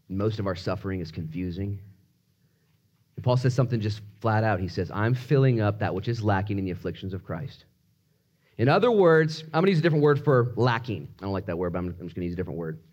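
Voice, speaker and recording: A man preaching a sermon in an animated, conversational way, swinging between loud emphasis and hushed moments. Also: fairly low pitch, dull audio. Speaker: pastor.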